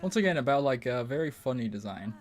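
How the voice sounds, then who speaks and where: A young man rambles through a gaming stream, swearing freely and sounding baffled at everything. His pitch swings widely as he talks, rising and dipping with each complaint. He speaks casually into a desk mic. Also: lively intonation, fast talker. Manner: rambling, profane, incredulous.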